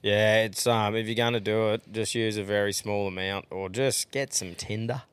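A man's voice: on the low side, fairly even intonation, normal speed, clean tone, no room sound. A man with an Australian accent hosting a casual podcast chat, blokey and swearing freely. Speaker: podcast host.

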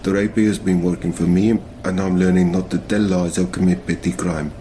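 A sheepish South African prisoner, played by a man, mutters a low, half-whispered message down the phone. His voice is deep and the line is full of noise. He rambles through excuses in a hushed voice. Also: level tone, a little fast, natural voice. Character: jailed South African man phoning in, cheeky.

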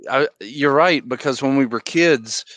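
Man, casual chat, agreeable, thoughtful, mid pitch. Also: unhurried, fairly bright tone, no echo.

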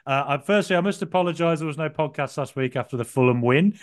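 A man chatting on a football podcast, his voice a touch high and notably smooth and clear. He rambles through stories with plenty of fillers and a self-deprecating streak. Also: fast talker. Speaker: podcast co-host. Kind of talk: casual podcast chat.

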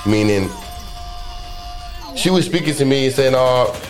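A man's voice: mid-range voice, lively intonation, slow pace, soft background music. A young man with a London accent tells a story in loose, casual chat. He leans on slang and keeps restarting his sentences. The delivery is rambling and unpolished.

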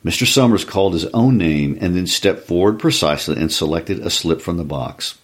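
A man reading a short story aloud in a calm, even storytelling manner, shifting his voice for each character. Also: low-pitched, a little fast. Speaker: reader.

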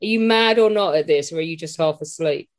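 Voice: mid-range voice, a little fast. Brief: podcast host, blunt and sweary, teases the panel. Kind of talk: casual podcast chat.

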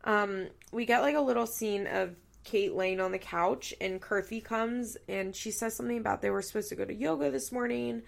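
A woman in her thirties hosts a recap podcast, talking candidly and tearfully in a blunt, profane, rambling way and correcting herself as she goes. Her mid-range voice has vocal fry, and she speaks at a normal speed with few pauses.

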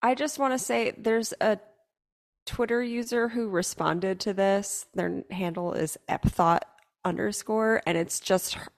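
A woman's voice: mid-range voice, unhurried. A woman co-hosting a podcast in casual chat, amused and laughing along. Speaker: podcast co-host.

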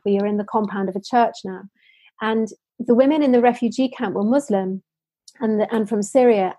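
Earnest woman, husky, mellow. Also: fairly high pitch, no echo, rough recording. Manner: earnest, heartfelt anecdotes. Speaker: social entrepreneur guest. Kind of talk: interview storytelling.

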